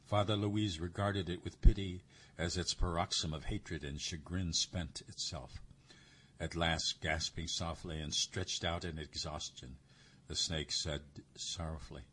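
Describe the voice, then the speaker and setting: A man narrating a story in a measured, expressive way. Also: sits low, husky. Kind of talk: story reading.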